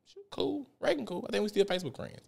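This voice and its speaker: A young man from South Memphis with a Memphis Southern accent, hosting a podcast and telling stories in a loose, profane, animated way. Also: high-pitched, quick pace, creaky. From South Memphis, Tennessee. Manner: profane, animated storytelling with frequent laughs. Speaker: podcast host. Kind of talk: casual podcast monologue.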